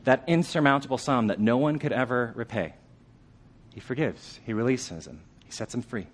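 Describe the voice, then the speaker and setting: A man preaching a sermon in a conversational way, asking the congregation questions and dropping to a hushed tone for weighty lines. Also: mid-range voice, expressive, moderate pace.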